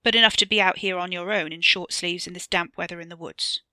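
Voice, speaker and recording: A woman's voice: on the low side, fairly even intonation, fast, pushed and bright, no echo, studio quality. A woman voicing a brusque older man. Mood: stern. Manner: brusque, probing questions. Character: stern older man with a lilting accent.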